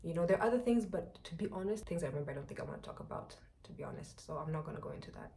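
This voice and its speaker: Chatty woman, lowish voice. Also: very fast, a little hiss or hum. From Rwanda. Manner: animated, chatty, frequent asides to viewers. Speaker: vlogger. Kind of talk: casual personal storytelling.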